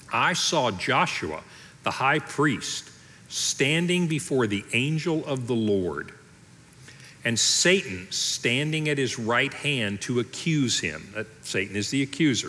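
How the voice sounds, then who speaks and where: A man's voice: medium pitch, sharp tone, long reverb tail. A man preaching a sermon as pastor, in a conversational way, briefly voicing people from the story he tells. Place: church auditorium.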